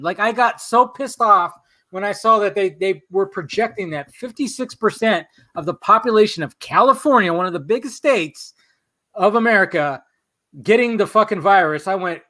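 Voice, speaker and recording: A man's voice: high-pitched, moderate pace, bright, forceful tone. A man hosting a casual live stream, ranting heatedly with lots of swearing. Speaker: host.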